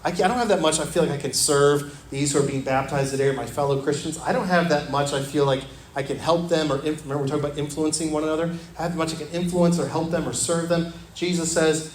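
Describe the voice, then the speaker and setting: An earnest male pastor preaching a sermon, his fairly high voice ringing through an echoey church room. A faint hum of ambience sits behind him. He repeats key phrases and sinks to a softer, lower tone for scripture. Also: steady tone, fast, few pauses. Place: church sanctuary.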